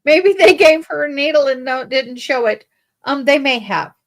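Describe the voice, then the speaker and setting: A woman co-hosting a live stream, telling animated stories in casual chat. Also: high-pitched, moderate pace. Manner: animated, emphatic storyteller. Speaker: livestream co-host.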